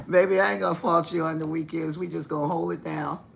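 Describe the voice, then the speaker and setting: A livestream host for a spiritual reading channel talks unhurried and loose, breaking into laughter between lines. The talk is profane and teasing but fond, full of "baby" and "honey" for the viewers. A faint hiss of noise sits under the voice. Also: medium pitch, gravelly. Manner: affectionate address, calls viewers baby and honey. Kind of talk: casual livestream chat with viewers.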